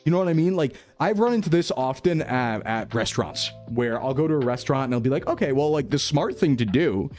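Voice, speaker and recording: Rambling upbeat streamer man, lively pitch. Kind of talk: casual live-stream chat reading viewer messages.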